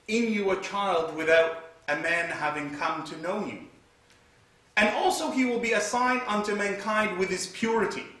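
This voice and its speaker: An Islamic teacher gives a religious lecture, vividly retelling scripture and reciting Arabic verses between his English. His voice sits high with a bright, forceful tone, captured from far off in an echoey hall.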